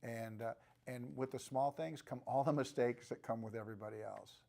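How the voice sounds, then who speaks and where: An older man in his sixties speaking as an actor in an interview. He answers in a relaxed, thoughtful way at a mid-range pitch and often restarts his sentences. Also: moderate pace, gravelly. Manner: relaxed, reflective, with frequent restarts. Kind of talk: press junket interview.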